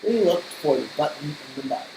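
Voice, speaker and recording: Woman slowly reading a storybook. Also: sits low, lively intonation, mellow. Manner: slow, measured storytelling. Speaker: storybook reader. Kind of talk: reading a children's book aloud. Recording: roomy echo, faint hiss.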